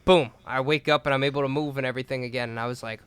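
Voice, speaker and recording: A young man co-hosting a podcast, telling a story in a lively, casual way with lots of swearing and filler words. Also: mid-range voice, rapid-fire, clear, resonant tone, dry recording. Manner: animated, swears a lot, says "like" and "dude". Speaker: podcast co-host.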